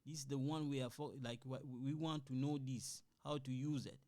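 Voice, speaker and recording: A man's voice: mid-range voice, steady tone, moderate pace, a little mellow. A man teaching a French grammar lesson, patiently repeating examples and checking in with "okay?", switching between English, French and another language.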